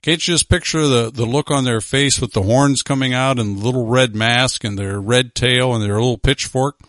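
A man's voice: mid-range voice, moderate pace, a bit bright, no echo. A man preaching a sermon, reading scripture and breaking into sarcastic, emphatic asides.

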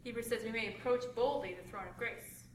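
A woman's voice: fairly high pitch, steady tone, brisk. Woman explaining scripture in an echoey room. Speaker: Bible study participant. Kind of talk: group discussion. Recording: roomy, distant mic with noise.

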